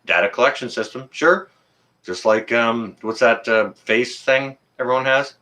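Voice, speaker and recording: A man's voice: mid-range voice, a little slow, bright, forceful tone. A man hosting his own livestream, ranting in a heated way, swearing and then apologizing for it. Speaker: livestream host.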